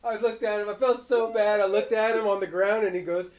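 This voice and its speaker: A man hosting a casual chat with his young son, telling stories in an animated way and laughing often. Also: high-pitched, brisk. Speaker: podcast host and father.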